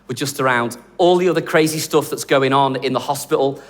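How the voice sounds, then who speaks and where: A man preaching a sermon in an animated, conversational, jokey way. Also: mid-range voice, fairly quick, long reverb tail. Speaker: pastor.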